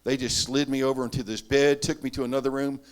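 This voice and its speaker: A middle-aged man preaching in a church, telling his life story with animated, self-mocking humor. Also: medium pitch, fast. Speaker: preacher giving a testimony. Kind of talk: storytelling sermon.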